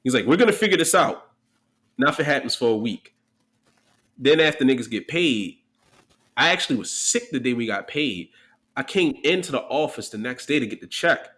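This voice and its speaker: A man's voice: mid-range voice, expressive, normal speed, a bit bright. A man in his thirties, a podcast guest, telling profane stories in casual chat and acting out the quotes. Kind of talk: casual storytelling.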